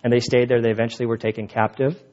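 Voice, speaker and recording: A man's voice: mid-range voice, flat delivery, racing, lo-fi sound. A man preaching a sermon, telling a story in a loose, casual way with many fillers and restarts, then reading a passage aloud while holding back tears. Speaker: pastor.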